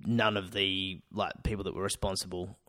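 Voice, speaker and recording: A man's voice: deep voice, level tone, normal speed, pushed and bright, no room sound. Casual Australian man with a dry sound. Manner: swears freely, puts on silly voices. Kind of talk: casual podcast chat.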